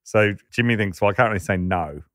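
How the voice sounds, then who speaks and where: Australian male storyteller, low voice, lively, laughs a lot, does voices, dry close mic. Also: quick pace, dry recording. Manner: lively anecdote-telling, laughing, acting out quoted voices. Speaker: podcast storyteller. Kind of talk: casual storytelling chat.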